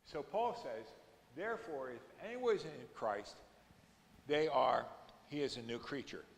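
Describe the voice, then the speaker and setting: A man's voice: mid-range voice, sing-song, unhurried, in a large hall. A man teaching an adult education class at a church, explaining scripture readings step by step and rising to emphatic moments when he quotes them.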